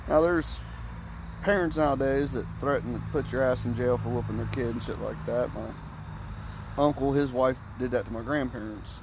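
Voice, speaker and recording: A man's voice: mid-range voice, moderate pace, background noise. A man casually telling rambling family stories, swearing freely and slipping into other people's voices as he goes. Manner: rambling, profane, animated retelling. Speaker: storyteller. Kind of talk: casual storytelling.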